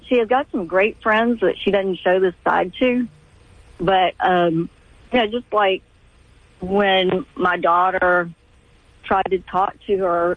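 A middle-aged woman calling in to a radio show, telling a family story in halting, restarting sentences. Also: medium pitch, dry recording. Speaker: caller. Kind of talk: call-in radio conversation. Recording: tinny phone line, dry.

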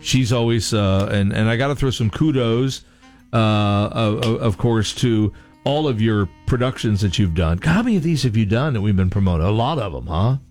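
A man's voice: lowish voice, expressive, normal speed, darkish tone. A man hosts a casual radio interview from a studio. His voice swings up and down a lot as he chats and jokes with his guests. A bit of music sits faintly behind him. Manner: playful, chatty, jokey. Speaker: radio host.

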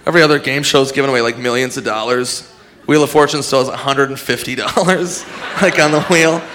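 A man's voice: medium pitch, a little fast, fairly bright tone, slight background noise. A man doing a stand-up set, rambling loosely and swearing often. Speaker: stand-up comedian.

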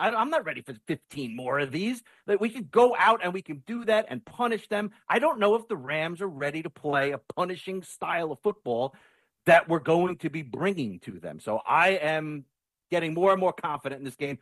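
A man's voice: on the high side, a bit bright, dry recording. A man giving his football take as a podcast guest, emphatic and prone to stammered restarts. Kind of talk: football talk.

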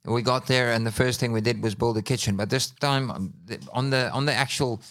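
Halting radio co-host. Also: male voice, fairly even intonation, fairly bright tone. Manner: halting, restarts a lot, low-key. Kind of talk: casual radio banter.

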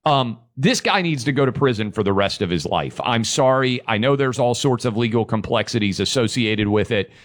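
Man, political talk-show co-host, emphatic, average pitch. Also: lively intonation, moderate pace, hardly any pauses. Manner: emphatic, reads quotes aloud. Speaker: radio co-host.

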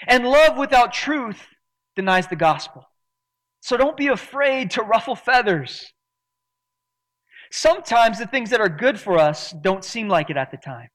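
A man's voice: high voice, fairly bright tone. A man preaching a sermon to his church in an earnest, emphatic way. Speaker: pastor.

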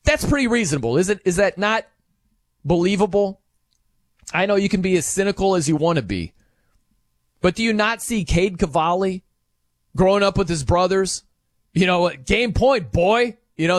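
A man hosting casual sports commentary, animated and wry, acting out quotes in little voices. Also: sits high, moderate pace, dry recording, clean studio sound. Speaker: sports talk host.

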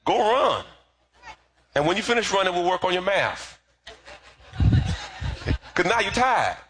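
A man's voice: high-pitched, sing-song, a little slow, fairly bright tone, a little hiss or hum, pitched above the performer's own voice, heavily acted. A man playing his stern mother, who tells her restless son to sit still and go run. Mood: scolding. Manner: scolding, commanding.

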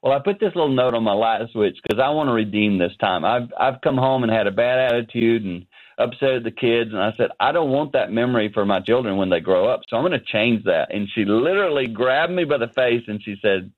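A man's voice: mid-range voice, a little fast. A man in his fifties, a ministry founder, telling a personal story as a radio guest from his office. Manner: earnest, animated storyteller. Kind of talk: phone-in interview, storytelling. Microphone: phone line. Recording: tinny phone line.

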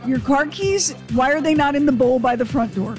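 A woman's voice: sits high, normal speed. Chatty woman radio co-host over music. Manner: chatty, teasing. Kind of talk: casual radio chat. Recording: radio show with music underneath.

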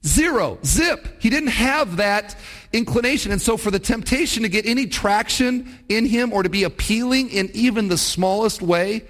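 A man's voice: high-pitched, normal speed, fairly bright tone. A man preaching a sermon in a conversational way, asking rhetorical questions as he teaches. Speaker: pastor.

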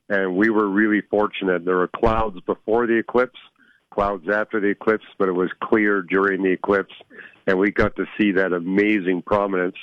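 A man's voice: on the low side, no echo. A male interview guest answering questions with enthusiasm, heard over a dull lo-fi recording. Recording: dull lo-fi phone-style audio.

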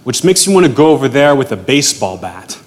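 Man, stand-up comic, dry deadpan delivery, live club set with a noisy room around him. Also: mid-range voice, fast talker, long reverb tail. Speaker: stand-up comedian. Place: comedy club stage with a live audience.

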